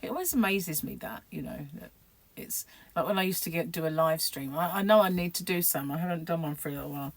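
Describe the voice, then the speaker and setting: A woman's voice: sits low, quick pace, gravelly, hardly any pauses, no room sound. A middle-aged woman vlogging about crochet in a rambling, chatty way, laughing often. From United Kingdom. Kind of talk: casual chat to camera.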